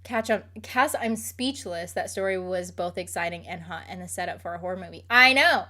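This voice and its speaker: A woman's voice: fairly low pitch, brisk, bright, forceful tone. A young adult woman chatting casually as a streamer, rambling with lots of fillers while she answers chat questions. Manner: rambling, filler-heavy, frequent "like".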